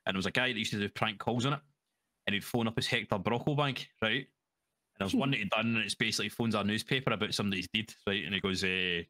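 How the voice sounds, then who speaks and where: A Scottish man talks as an interview guest in quick, run-on bursts, full of swearing and laughter. His voice is bright and sharp at a middle pitch. The sound is close and dry, with no room around it. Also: no echo. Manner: rambling, sweary, laughs often. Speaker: guest roleplayer. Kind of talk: casual interview chat.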